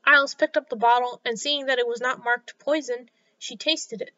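A woman reads a children's story aloud with clear, expressive delivery. Her voice is high and bright. The recording is a little dull and lo-fi. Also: normal speed. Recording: slightly dull lo-fi sound.

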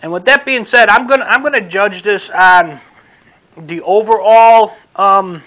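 Bright high-voiced man reviewing food. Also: measured pace, rough recording. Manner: repetitive, rambling, friendly sign-off. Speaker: food vlogger. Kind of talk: casual taste-test review.

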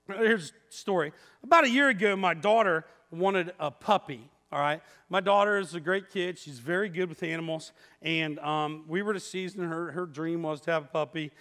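A man in his fifties preaches in a church with a high, bright voice. He tells stories in a chatty, self-mocking way. The sound rings with a long hall reverb. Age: 50s. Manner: storytelling, conversational and self-mocking. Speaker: pastor. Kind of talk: sermon. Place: church sanctuary.

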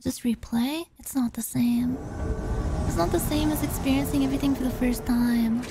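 A woman's voice: sits high, steady tone, normal speed. A woman streaming a game, chatting casually, joking, swearing and thinking aloud. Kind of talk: casual gaming chat. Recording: game music behind.

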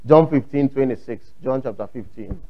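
A man's voice: medium pitch, moderate pace, lo-fi sound. A man with a Ghanaian English accent preaching a sermon, emphatic and repeating his points, acting out quotes. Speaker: pastor.

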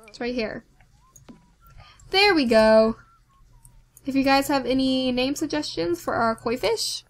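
A young woman with a high, light voice talks her way through a game. She rambles, giggles at herself and chats straight to her viewers in a loose, casual way. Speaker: let's play host. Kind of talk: casual gameplay commentary.

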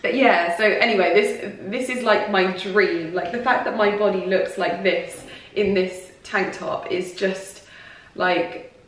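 A woman's voice: medium pitch, a little slow, recorded from a distance. A woman vlogger chatting to camera in a rambling, confiding way, full of restarts and fillers. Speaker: lifestyle vlogger. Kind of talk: casual personal talk to camera. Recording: very echoey room, voice from off the mic.

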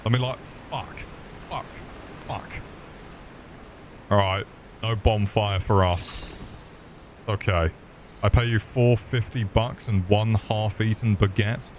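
A man's voice: fairly low pitch, fairly even intonation, slow, long pauses, a little hiss or hum. A man streaming a game, swearing often and joking with his chat. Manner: swearing, joking, chatting to viewers. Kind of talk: casual gaming commentary.

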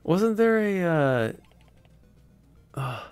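A man co-hosting a casual let's-play of retro games, excitable, with quick outbursts and frequent laughs. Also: fairly high pitch, clean tone, faint music behind. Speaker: game player and co-host.

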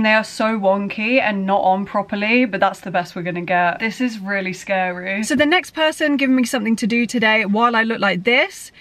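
A woman's voice: medium pitch, a bit bright, no room sound. A young woman talking casually to camera as a vlogger, chatty and self-mocking. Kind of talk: casual vlog narration.

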